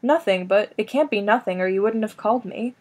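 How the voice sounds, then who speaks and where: A woman reading the lines of a sharp, probing wife who is a psychiatrist, in an audiobook. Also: mid-range voice, brisk, lightly acted. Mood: curt.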